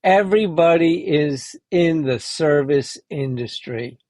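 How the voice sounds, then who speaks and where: A man's voice: fairly high pitch, animated, slow pace, a little mellow, dry recording. A man hosting a casual talk show, chuckling and reacting to his guest. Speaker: host. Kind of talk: casual chat.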